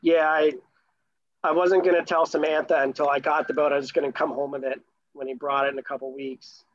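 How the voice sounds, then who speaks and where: A man's voice: a little high, level tone, a little fast, dry recording. A man in his thirties from Florida telling a long, enthusiastic, rambling story in casual chat. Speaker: sailor and new father telling a story. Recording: dull lo-fi recording.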